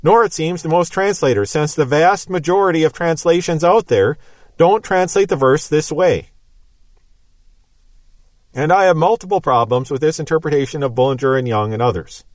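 A man teaches the Bible in an emphatic, methodical manner. His voice sits a little high for a man and sounds dry and close, with no room echo around it. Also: moderate pace, a little mellow.

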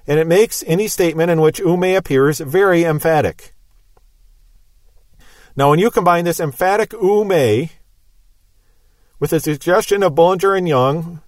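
A man's voice: on the high side, no room sound. A man giving a Bible teaching lecture, explaining step by step in an emphatic, methodical way.

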